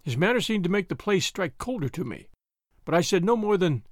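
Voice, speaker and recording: Expressive male storyteller, lively pitch. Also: a little fast, no echo, studio quality. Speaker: narrator. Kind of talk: dramatic story reading for a radio-style show.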